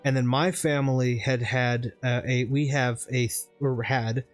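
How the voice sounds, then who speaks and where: A man's voice: medium pitch, steady tone, measured pace. A man from the southern United States, with no trace of a regional accent, chats casually over gameplay. He rambles and wanders between thoughts in an ordinary mid-range voice, with faint music playing underneath. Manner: rambling, discursive talk. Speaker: gaming channel co-host.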